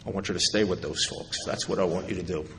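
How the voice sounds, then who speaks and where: This middle-aged New Yorker's voice sits low and a bit bright, and he's a fast talker. At a recovery convention he gives a personal talk to an audience, telling his story with wry humor and acting out others' lines. Slight background noise mixes with the echo and faint ambience of a large convention hall.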